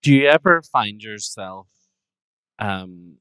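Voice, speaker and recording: A man's voice: on the low side, lively intonation, slow pace, a bit bright, smooth, no echo. A man hosting a live podcast, asking his guests playful, dry questions. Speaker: podcast host.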